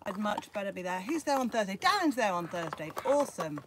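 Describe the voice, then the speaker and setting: A woman chatting excitedly to viewers on a live stream from her motorhome, recorded on her phone. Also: mid-range voice, fairly quick, background noise. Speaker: vlogger. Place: motorhome in a field.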